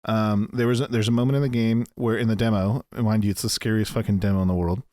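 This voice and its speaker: A man's voice: on the low side, fairly even intonation, quick pace, mellow, no room sound, clean studio sound. A man co-hosting a podcast in casual chat, rambling with lots of restarts and fillers and swearing freely. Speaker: podcast co-host.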